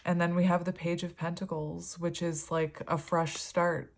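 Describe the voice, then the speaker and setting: A woman's voice: lowish voice, flat delivery, measured pace. A woman giving a casual tarot reading, talking in a rambling, filler-heavy way and easily moved. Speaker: tarot reader.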